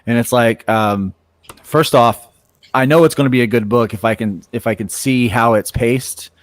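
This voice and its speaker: A man's voice: mid-range voice, moderate pace, no echo. Rambling man on a comics panel. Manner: rambling, with many restarts and fillers. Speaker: comic book writer and artist on a panel. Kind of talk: casual panel talk.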